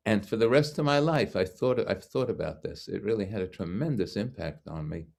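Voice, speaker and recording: A man's voice: lowish voice, animated, moderate pace, creaky, a little mellow. An older man from Brooklyn telling a personal story over a video call, reflective and acting out the voices of people he quotes. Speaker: guest speaker.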